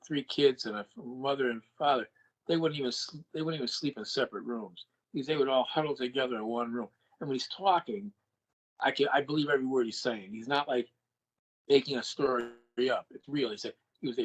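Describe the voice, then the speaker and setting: A man's voice: mid-range voice, slightly rough, low-quality recording. An older man, a guest, telling a personal anecdote and acting out the dialogue he quotes. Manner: animated storyteller who acts out quoted dialogue.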